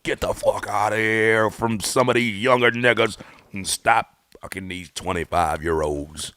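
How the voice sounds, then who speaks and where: A man doing an impression of a blunt adult male podcaster, scolding with slow, drawn-out emphasis. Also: lowish voice, steady tone, sharp tone, clear, resonant tone, no echo, studio quality.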